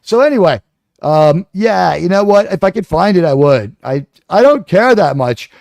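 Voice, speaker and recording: A man's voice: sits high, expressive, moderate pace, gravelly, a little mellow, no room sound. A man hosting a live stream, ranting and telling stories in a sarcastic, mocking way. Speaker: livestream host.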